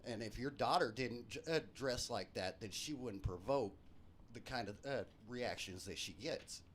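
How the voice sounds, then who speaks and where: A man voicing a scornful, dismissive neighborhood mom who talks slowly and condescendingly. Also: mid-range voice, fairly bright tone, a little hiss or hum, lightly acted. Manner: slow, condescending.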